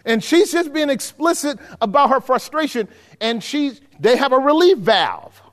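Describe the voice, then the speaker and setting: A man with a very high voice preaches to a live congregation, talking to them directly and checking that they are following along. His sermon rings with a long reverb from a large hall. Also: sing-song, normal speed. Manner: conversational preaching, checking in with the room. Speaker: pastor. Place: church hall with a live audience.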